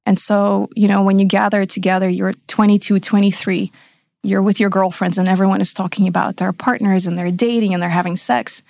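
A woman's voice: medium pitch, level tone, a little fast, vocal fry, a little mellow, no room sound, studio quality. A woman in her thirties, a podcast guest, telling her personal story frankly and emphatically, sometimes swearing.

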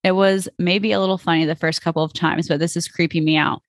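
A woman's voice: lowish voice, fairly even intonation, fast talker, natural voice. Woman reading as a furious, commanding princess. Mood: scolding. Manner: cold, controlled fury.

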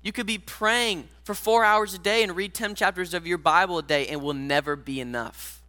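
A man's voice: high-pitched, fairly even intonation, normal speed, sharp tone, smooth. A man preaching a sermon earnestly, speaking directly to his listeners as guys.

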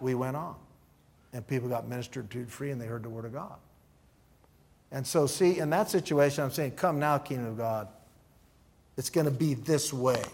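A male pastor preaching at an evening church meeting, telling stories with acted-out dialogue and teaching through numbered points. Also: mid-range voice. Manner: animated storyteller who acts out dialogue. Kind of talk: sermon.

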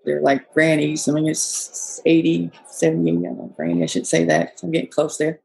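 Gravelly woman telling bar stories. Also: low voice, flat delivery, moderate pace, mellow, poor audio. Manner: rambling, folksy, quotes people often. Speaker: bar owner. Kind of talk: casual storytelling interview.

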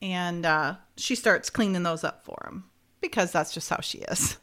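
A woman's voice: lowish voice, moderate pace, a bit bright. A woman hosting a casual chat, retelling an episode scene by scene, laughing often and acting out the characters' lines. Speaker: podcast host recapping a TV episode.

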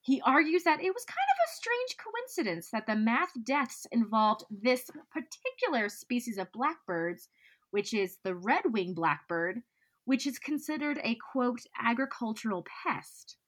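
A woman's voice: a little high, big pitch swings, measured pace. Playful woman reading out news facts. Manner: reads facts aloud with playful asides. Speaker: podcast co-host. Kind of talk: casual chat.

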